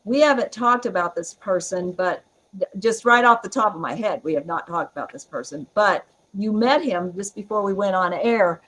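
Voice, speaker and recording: A middle-aged woman, chatting as a podcast guest, strong-willed and quick to laugh. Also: mid-range voice, expressive, a bit bright, low-quality recording. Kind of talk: casual interview chat.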